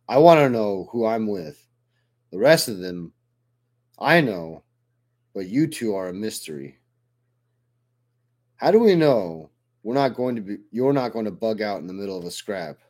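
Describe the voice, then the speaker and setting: A man's voice: on the low side, lively intonation, moderate pace, pauses often, a little mellow. A man reading the lines of a brash, suspicious male heavy gunner in an audiobook, blunt and challenging.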